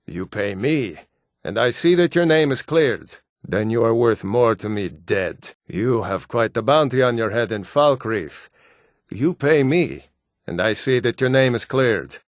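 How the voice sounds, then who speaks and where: A man voicing blunt gruff Nord men. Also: medium pitch, no room sound, clean studio sound, lightly acted. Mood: stern. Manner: blunt, plain-spoken. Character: assorted gruff adult Nord men of a fantasy game. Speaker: video game voice actor. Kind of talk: game voice lines.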